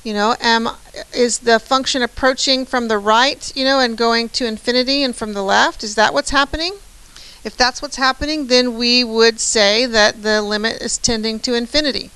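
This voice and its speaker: A woman's voice: a little high, fairly even intonation, moderate pace, pushed and bright, clean tone, low-quality recording. A woman math teacher giving a chatty, encouraging lecture, often checking in with "right?". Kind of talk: classroom lecture.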